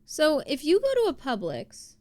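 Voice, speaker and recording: A woman's voice: high-pitched, wildly swooping pitch, normal speed, a little mellow, no echo. A young woman from New Jersey, streaming and chatting casually with her viewers, rambling with lots of fillers. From New Jersey, USA. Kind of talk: casual chat reading viewer messages.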